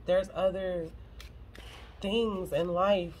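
A woman's voice: fairly low pitch, steady tone, drawn-out words, a little mellow, a little hiss or hum, poor audio. A woman doing a casual tarot reading to camera, blunt and profane and close to tears. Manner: blunt and profane, emotional, swears freely. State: on the verge of tears. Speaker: tarot reader.

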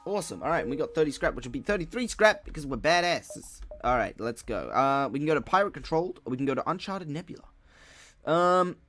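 A young man commenting casually on a video game as a let's play gamer speaks a little high and a bit bright, fast with lively intonation. He swears plenty, mutters to himself, has frustrated outbursts, and yawns now and then because he's sleepy.

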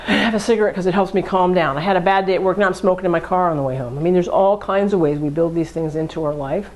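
Speaking fast in a lowish voice, a woman lectures a class on addiction in a chatty way. As an addiction educator, she walks through ordinary examples and voices the hypothetical thoughts behind each one.

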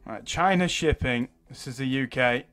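A young man giving excitable live gameplay commentary as a gaming YouTuber, swearing and exclaiming when things go wrong. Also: medium pitch, normal speed, soft background music.

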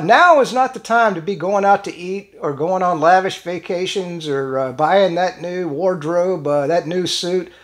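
An older man talks in a loose, rambling vlog style, full of restarts and small chuckles. His voice sits noticeably high for a man. The delivery is folksy and offhand. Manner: chuckles often. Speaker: channel host. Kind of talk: casual vlog commentary.

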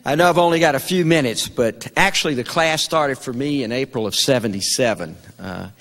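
An older Southern American man, a Vietnam veteran, tells a story to an audience at an event in a folksy, stammering way. His mid-range voice is a bit bright and moves fairly quickly. A long hall reverb surrounds the recording.

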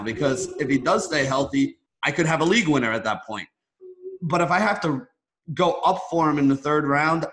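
A man co-hosting a fantasy football podcast, talking casually and walking through his reasoning. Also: medium pitch. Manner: chatty, lays out his reasoning, rises when excited. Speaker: podcast co-host.

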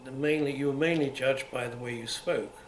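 A man in his seventies from England, his London accent falling between upper-class and Cockney, reminisces unscripted in an oral history interview, rambling with many restarts and repeats. His voice is medium-pitched and fairly quick. The museum room recording is roomy with faint hiss.

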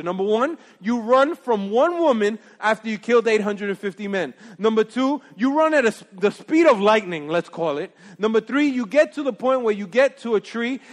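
In a church sanctuary, a male preacher with a high voice gives an animated, emphatic sermon. He swings between loud exclamations and hushed asides, his voice ringing with a long hall reverb.

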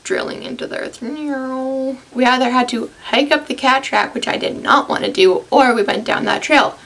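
A woman's voice: medium pitch, vocal fry, a bit bright. A young woman vlogging, telling a story to camera in a sarcastic, self-deprecating and chatty way, full of "like". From United States.

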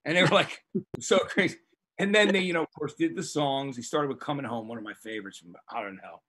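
A male podcast host telling excitable, rambling anecdotes with plenty of swearing. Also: mid-range voice, fast, husky. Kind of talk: animated storytelling.

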